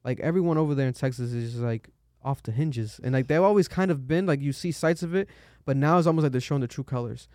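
A man hosting a podcast, talking through the news casually, animated and swearing, jumping up high when he quotes people. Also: fast talker, dry recording, clean studio sound. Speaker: podcast host.

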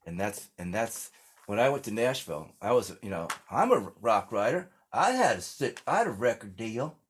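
Brief: older American man, lowish voice, loose rambling storyteller, interview guest. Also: big pitch swings, normal speed, slight background noise. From United States. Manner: rambling storyteller, many restarts and fillers. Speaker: singer-songwriter guest. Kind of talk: casual interview chat.

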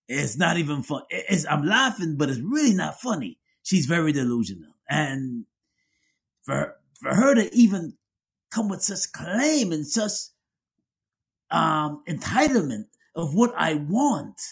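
A man's voice: a little high, gravelly, husky. A man talking in casual commentary, emphatic and repeating his phrases for effect.

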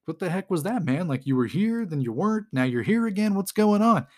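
A man voicing a blustering male wizard villain who complains gruffly in streetwise slang and craves respect. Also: sits high, a little fast, a little mellow, voice pushed up. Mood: irritated.

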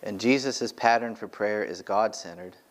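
Male pastor, church sermon, earnest and emphatic, repeats his points, somewhat low voice. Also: moderate pace, slight background noise. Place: church sanctuary, from the pulpit.

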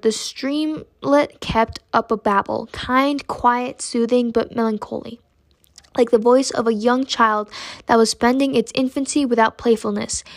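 A woman reads an old novel aloud at a careful, unhurried pace. Her voice sits fairly high, and she sometimes trips over a word and corrects herself. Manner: slow, careful reading with occasional stumbles. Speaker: reader. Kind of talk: reading a classic novel aloud.

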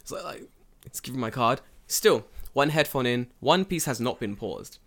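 A man with an everyday mid-range voice, chatting casually with a friend. He tells his stories in a relaxed, dry, profane way. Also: medium pitch, moderate pace. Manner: laid-back, profane, wry storytelling. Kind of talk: casual chat.

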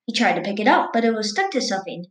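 A woman's voice: medium pitch, big pitch swings, very fast, echoey room, rough recording. A woman reading a scary story aloud in a casual, stumbling way, restarting words as she goes.

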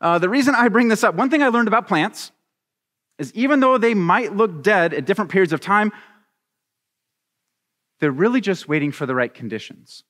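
A man preaching a sermon as a pastor, animated and acting out little scenes with voices. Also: high-pitched, normal speed, long pauses, long reverb tail.

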